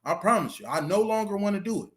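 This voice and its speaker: A man's voice: high voice, lively intonation, fast talker. A man giving a casual interview, retelling a story with street slang and lots of fillers. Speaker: interview guest, former reality show contestant.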